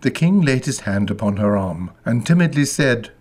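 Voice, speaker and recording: A man's voice: mid-range voice, animated, moderate pace, a little mellow. A man narrating a children's story expressively. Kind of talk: scripted narration.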